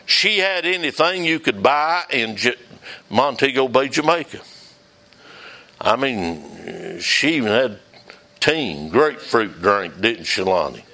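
A man's voice: lowish voice, pushed and bright. A man, a revival preacher telling a folksy story from the pulpit and calling on listeners by name.

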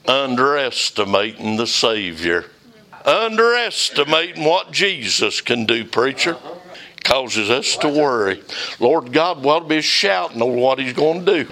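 A man's voice: a little high, bright, forceful tone. An older man preaching a fervent, folksy sermon in a church, calling out members of the congregation by name.

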